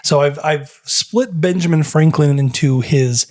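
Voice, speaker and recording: A man's voice: on the high side, unhurried, very noisy. A man hosting a casual history podcast, explaining at length with frequent fillers and restarts. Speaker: podcast host.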